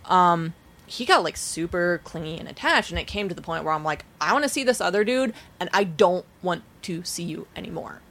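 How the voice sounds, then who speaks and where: A woman's voice: on the low side, animated, brisk, fairly bright tone. A young adult woman telling a story in casual chat, blunt and profane, acting out the people she quotes.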